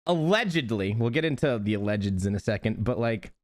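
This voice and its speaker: A young man, a podcast co-host, telling an animated, laugh-prone story in casual chat. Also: on the low side, brisk.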